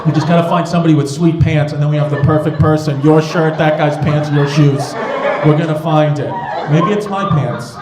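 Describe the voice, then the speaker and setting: Profane, rambling New stand-up comedian. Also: male voice, fairly high pitch, steady tone, fairly quick. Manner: profane, rambling, self-mocking banter with the audience. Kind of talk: stand-up comedy with crowd work. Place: comedy club stage. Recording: echoey club with audience noise.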